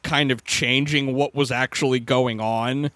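A man co-hosting a podcast, talking slowly and deliberately in casual chat. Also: medium pitch, fairly even intonation, pushed and bright, no room sound. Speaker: podcast co-host.

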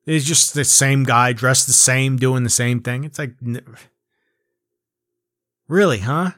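A man's voice: medium pitch, steady tone, moderate pace, fairly bright tone, dry recording, studio quality. A man ranting casually about video games, rambling and swearing with lots of fillers. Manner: rambling, profane, frequent fillers and restarts. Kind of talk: casual rant.

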